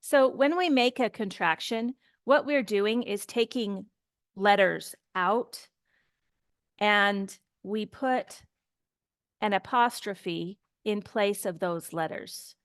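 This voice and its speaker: A woman's voice: mid-range voice, takes it slowly, no room sound, studio quality. A woman teaching an English grammar lesson, explaining patiently and repeating example phrases to model pronunciation.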